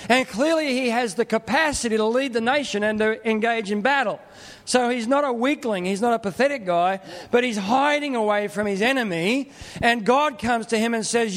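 A man's voice: sits high, normal speed, long reverb tail. A middle-aged man preaching a sermon in a plain-spoken, earnest, conversational way. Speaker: pastor.

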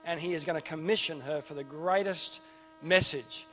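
High-voiced chatty man preaching. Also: moderate pace, pushed and bright. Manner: enthusiastic and chatty, with frequent restarts and asides. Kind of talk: informal sermon. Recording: long reverb with faint music behind.

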